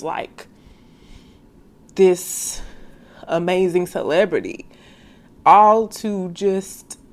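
A woman hosting a devotional podcast who talks straight to her listeners in a slangy, heartfelt way. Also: lowish voice. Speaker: faith podcast host. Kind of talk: casual devotional podcast monologue.

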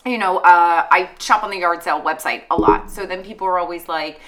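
A young adult woman hosting a podcast, telling stories in an animated, casual way and swearing freely. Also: on the low side, brisk. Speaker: podcast host. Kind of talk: casual chat.

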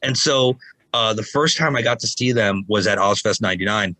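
Husky animated man telling stories. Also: lowish voice, a little fast, no room sound, poor audio. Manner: animated, acts out quotes in raised voice. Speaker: podcast guest. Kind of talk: casual storytelling.

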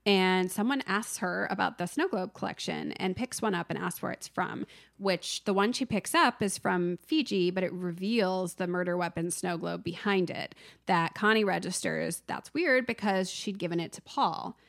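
A woman co-hosting a podcast, recapping a film in a casual, animated way and acting out its characters' lines. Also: lowish voice, normal speed, gravelly. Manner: animated storytelling, acts out the film's lines. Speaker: podcast co-host. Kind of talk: casual movie recap chat.

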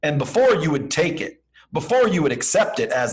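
Guy on a podcast, slangy and blunt, acts out little dialogues, bit of a higher voice. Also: very animated, a little fast, poor audio. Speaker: podcast guest. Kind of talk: motivational advice in casual conversation.

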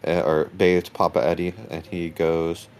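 A man with a very deep voice taking part in a tabletop game. He calmly states what his character does, and soft music plays faintly underneath. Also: unhurried. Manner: plainly describing his character's actions. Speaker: player.

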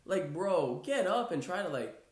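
A man's voice: high voice, very animated, unhurried. Chill guy rambling about soccer, tons of "like" and "bro", echoey room. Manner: loose, rambling, filler-heavy, says "bro" and "like" a lot. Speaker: podcast host. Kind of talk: casual sports chat.

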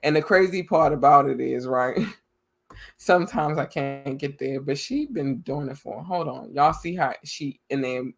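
A podcast host giving casual, effusive shout-outs to listeners, with a grateful, slangy way of talking. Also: medium pitch, measured pace, creaky.

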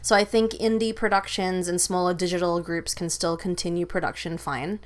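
A woman's voice: fairly low pitch, steady tone, normal speed. A young woman with an Australian accent, chatting casually as a filmmaker guest and telling stories with lots of filler words. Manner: chatty, storytelling, lots of likes and ums. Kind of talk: casual conversation.

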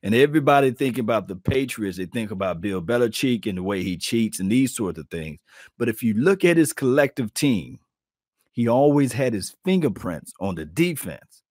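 A man hosting a casual sports talk stream, animated and preachy, calling out to viewers as he riffs. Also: medium pitch, moderate pace, no room sound, clean studio sound. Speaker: podcast host.

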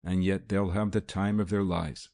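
A cool-headed vigilante speaks in a calm, dry, measured way, voiced by a man reading aloud. The voice is deep and mellow with a gravelly edge.

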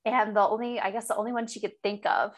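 A woman from the Buffalo area co-hosting a casual chat, telling stories in a chatty, animated way. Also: medium pitch, fast. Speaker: podcast co-host. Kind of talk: casual storytelling.

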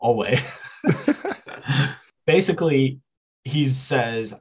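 Husky, low-voiced man retelling a story. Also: moderate pace, poor audio. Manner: rambling, self-correcting, quotes characters in paraphrase. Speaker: podcast co-host.

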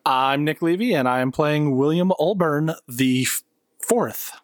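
A man's voice: fairly high pitch, a little slow, dry recording, clean studio sound. A man introducing himself as a player, hesitant and joking. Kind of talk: casual chat.

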